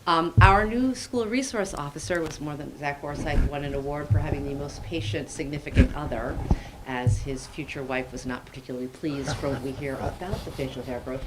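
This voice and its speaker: Low-voiced chatty woman at a meeting. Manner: chatty, upbeat, joking. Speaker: school administrator giving announcements. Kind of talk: meeting report. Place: school committee meeting room. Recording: noisy meeting recording.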